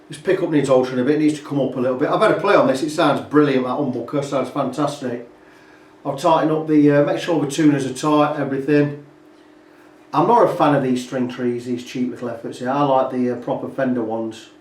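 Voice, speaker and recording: Chatty and rambling, a guitar repair tech walks through a guitar setup in his repair workshop, tossing in "blah blah" to fill gaps. His voice is kind of high, and the recording carries a roomy, distant workshop echo.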